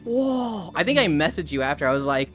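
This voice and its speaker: Animated swearing streamer with lively pitch. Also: female voice, very fast, faint music behind. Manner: animated, swears freely, reads chat aloud. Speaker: streamer host. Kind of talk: casual live-stream chat.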